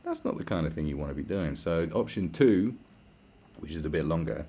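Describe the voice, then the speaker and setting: A man's voice: a bass voice, animated, fairly quick, warm tone, a little hiss or hum. A man, hosting a podcast in a crude, blunt, rambling solo rant full of swearing and sarcasm. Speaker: podcast host.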